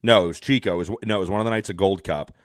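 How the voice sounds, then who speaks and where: A man guesting on a podcast, telling an animated, self-deprecating story with lots of fillers and restarts. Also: low voice, racing, no echo, studio quality. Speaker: podcast guest, race announcer.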